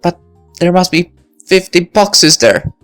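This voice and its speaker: A woman voicing a thoughtful high school senior girl while reading a visual novel aloud, in a musing inner-monologue manner. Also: lively intonation, slow pace, soft background music. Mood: reluctant.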